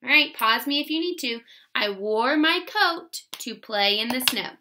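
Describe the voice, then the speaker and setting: A woman teaching a phonics lesson to first graders, sounding words out slowly. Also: high voice, animated, pushed and bright, a little hiss or hum. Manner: slow, exaggerated sounding-out of words. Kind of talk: phonics lesson for young children.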